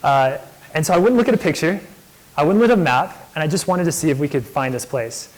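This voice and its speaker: A young man gives a guest lecture in a loose, storytelling way, talking enthusiastically and peppering his sentences with casual fillers. His voice sits a bit higher than most men's. The tone is that of a relaxed entrepreneur speaking to a room of students. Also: fast talker, low-quality recording. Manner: enthusiastic, chatty, many "like" fillers. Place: lecture hall.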